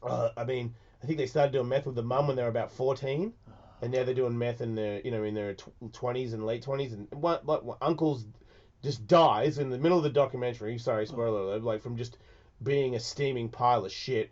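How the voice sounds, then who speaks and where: A man's voice: mid-range voice, dull audio. Rambling, profane male radio host. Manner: rambling, profane, swings from mumbled to shouted. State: sick. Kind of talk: casual radio chat.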